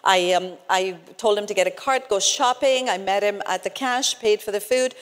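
A woman's voice: medium pitch, normal speed. A woman giving a conversational sermon, telling personal stories in a chatty way with frequent tag questions and restarts. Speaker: speaker at a church gathering. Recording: long reverb, as in a hall.

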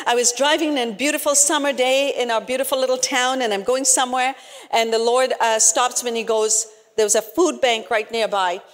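A woman's voice: a little high, steady tone, a little fast. A woman giving a conversational sermon, telling personal stories in a chatty way with frequent tag questions and restarts. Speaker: speaker at a church gathering. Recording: long reverb, as in a hall.

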